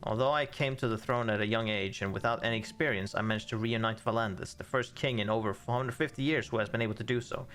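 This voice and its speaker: A man's voice: lowish voice, fast, hardly any pauses, fairly bright tone, close to an everyday voice. A man reading a stubborn young king's game dialogue aloud in his own voice, with faint game music behind. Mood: defiant. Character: proud stubborn young male king.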